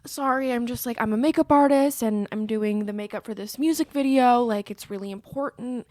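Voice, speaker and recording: A woman's voice: on the high side, brisk, darkish tone, dry recording, studio quality. A young woman co-hosting a podcast, casually retelling film scenes and acting out the characters' lines. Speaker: podcast co-host. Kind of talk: casual film recap chat.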